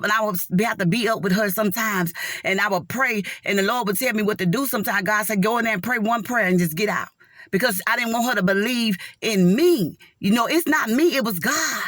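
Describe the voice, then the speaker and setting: A woman's voice: mid-range voice, a little fast, fairly bright tone, no echo, studio quality. A middle-aged woman giving a heartfelt, earnest faith testimony in casual talk, often calling her listeners y'all. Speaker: nurse sharing a faith testimony. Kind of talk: casual spoken testimony to viewers.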